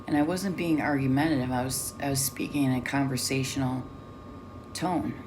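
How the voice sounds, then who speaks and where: A woman's voice: very deep voice, steady tone, moderate pace, over music. A woman telling a personal story to camera in a blunt, candid way, swearing often. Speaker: vlogger.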